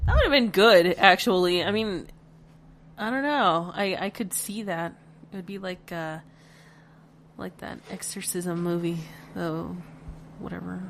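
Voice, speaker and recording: A woman co-hosting a podcast in casual chat, animated, swearing, often trailing off unsure. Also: on the low side, measured pace, vocal fry, slight background noise. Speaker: podcast co-host.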